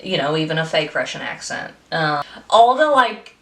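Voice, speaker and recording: A young woman co-hosting a casual movie review podcast, telling stories in a profane, animated way. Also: low voice, normal speed, gravelly, reverberant. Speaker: podcast co-host.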